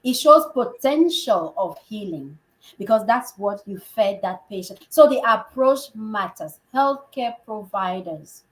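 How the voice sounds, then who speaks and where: A healthcare provider, a woman, telling a story with real animation. She slips into the voices of the people in her tale, and the room adds a noticeable echo around her middle-pitched voice. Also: a little slow. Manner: animated, acts out quoted dialogue. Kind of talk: conversational storytelling. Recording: roomy echo.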